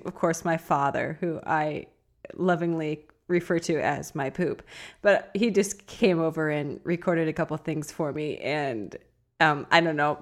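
A woman hosting a casual solo podcast, playful and giggly. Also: mid-range voice. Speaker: podcast host.

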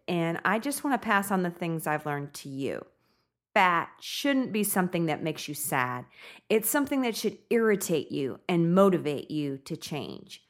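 A woman's voice: on the low side, fairly bright tone. A young woman hosting a podcast, bubbly and gushing, talking in an upbeat monologue. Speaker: podcast host.

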